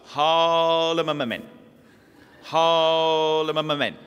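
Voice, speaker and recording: A man voicing an old aunt who chants a slurred prayer in a slow drone. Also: a little high, steady tone, fairly bright tone, smooth. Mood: droning. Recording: echoey hall.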